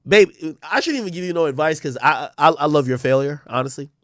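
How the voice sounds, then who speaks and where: A man streams his reaction commentary in a blunt, ranting way, swearing freely and talking straight at the subject. His voice sits a little high and swings widely in pitch. The close mic sounds dry, with no room echo. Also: lively intonation, a little fast, a bit bright.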